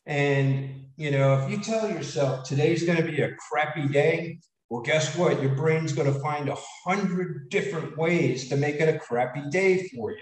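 A man giving an animated motivational talk to an audience, with frequent fillers. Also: a little high, unhurried, reverberant, far from the mic, poor audio. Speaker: speaker.

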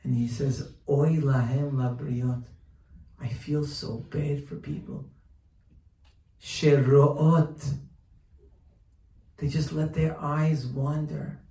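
In a slow, level, dark mid-range voice, a man teaches Torah as a rabbi in sermon fashion, quoting and translating Hebrew texts. He leans on rhetorical questions and repeated phrases for emphasis. The recording is echoey, with his voice coming from far away.

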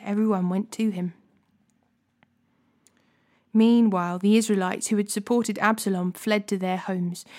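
A woman reading scripture aloud in a steady, deliberate way, with small slips now and then. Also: medium pitch. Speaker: Bible reading host.

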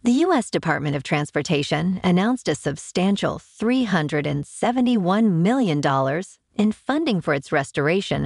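A woman hosts a podcast in a low, slightly husky voice that moves lively through her range. She reads scripted news and signs off in an upbeat, chatty way. The sound is close and dry, with faint music under it. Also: dry recording. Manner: upbeat, chatty sign-offs. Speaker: podcast host.

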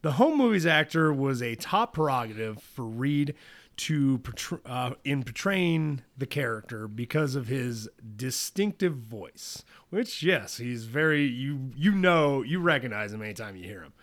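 A man co-hosting a casual podcast chat, excitable and quick to laugh, reading notes aloud between jokes. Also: mid-range voice. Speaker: podcast co-host. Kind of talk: casual chat about a cartoon series.

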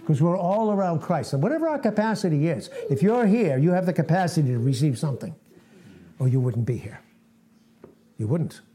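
An older man in his late sixties preaches informally to a small fellowship. His voice sits a little high yet sounds mellow and warm. He talks in an earnest, folksy, self-deprecating way and repeats himself. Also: expressive, a little fast, a little hiss or hum. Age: 60s.

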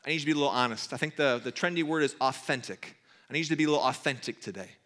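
A man preaching a sermon in an earnest way, now excited, now hushed, reading passages aloud. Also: medium pitch, racing. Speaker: pastor.

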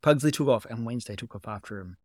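A man narrating a story in a calm, even manner, his pitch sitting in the middle. The sound is dry and close with no room around it. It feels like an amateur reading at home. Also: fast talker, no room sound. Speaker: amateur reader. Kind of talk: audiobook narration of fan fiction.

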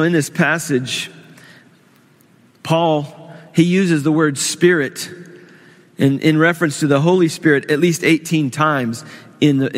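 Man preaching emphatically in a reverberant hall. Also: on the high side. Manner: emphatic, repeats words for stress, prays aloud. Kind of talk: sermon. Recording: long reverb of a large hall.

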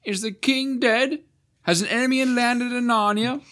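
A man voicing a gloomy, lanky male marsh creature who calls out high, anxious questions, as he reads from a storybook. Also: fairly even intonation, moderate pace, pushed and bright.

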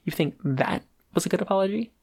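A reader voicing a furious, rude middle-aged mother who yells insults at a boy in a store. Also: expressive, fast talker. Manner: shrill yelling, insulting.

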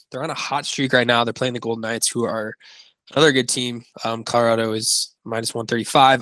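A man's voice: mid-range voice, sharp tone, dry recording, poor audio. Man, podcast co-host, casual rambling chat, self-correcting, dry close sound. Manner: rambling, stumbles and corrects himself. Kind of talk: casual sports-betting chat.

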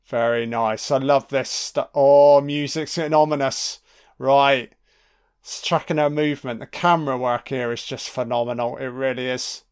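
A man's voice: medium pitch, steady tone, normal speed, clean tone. A man giving casual, sweary commentary on a film, talking back to the characters on screen. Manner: sweary, mocking asides to the screen.

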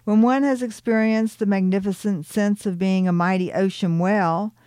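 A woman playing a proud, keen-witted female fairy guide who declares her words slowly. The voice is somewhat low and recorded dry, close to the microphone. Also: darkish tone, dry recording.

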